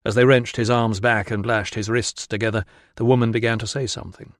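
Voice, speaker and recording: Brief: male audiobook narrator, mid pitch, measured storytelling, dry close mic. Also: little pitch movement, dry recording.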